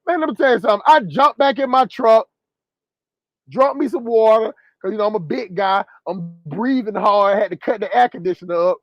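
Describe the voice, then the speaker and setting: A man who drives trucks telling a profane story to his viewers in an animated way. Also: high-pitched, fairly quick, no room sound, highs cut off, faint music behind. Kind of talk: storytelling vlog.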